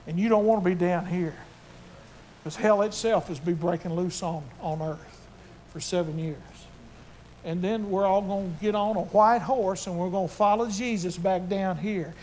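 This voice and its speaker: A man's voice: high voice, darkish tone, slight background noise. An older man preaching a sermon to his church, fervent and emotional in his delivery. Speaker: pastor.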